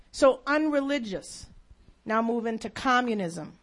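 A woman's voice: high voice, measured pace. A woman telling a faith story as a sermon, earnest and emphatic. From United States. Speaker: speaker.

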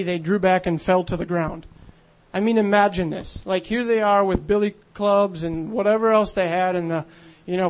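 Guy preaching a sermon, kinda high voice, earnest and chatty, lots of ums. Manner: earnest, conversational preaching with many fillers.

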